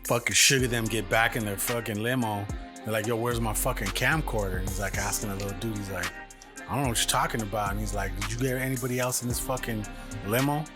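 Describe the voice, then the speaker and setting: A man's voice: lowish voice, steady tone, fast talker. A man co-hosting a podcast, casually retelling a long story with lots of swearing and fillers. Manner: profane, rambling retelling with many fillers. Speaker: podcast co-host. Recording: music playing behind.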